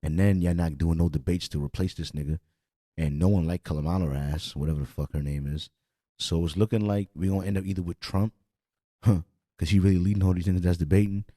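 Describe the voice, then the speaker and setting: Man, young, podcast host, husky, dry close sound, repetitive heated rant. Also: sits low, warm tone, dry recording. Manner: blunt, profane, repetitive, heated. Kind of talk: casual opinionated podcast rant.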